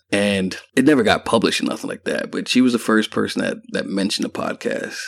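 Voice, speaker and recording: Guy with a low gravelly voice cussing his way thru a personal story, dry close mic. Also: brisk, no echo. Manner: candid, profane, conversational. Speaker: podcast host.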